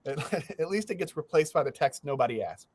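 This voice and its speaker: Brief: male podcast host, younger adult, lively storyteller with a slightly raised pitch, dry close mic. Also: fairly quick, dry recording. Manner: animated, laughs through his stories, swears freely. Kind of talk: casual storytelling chat.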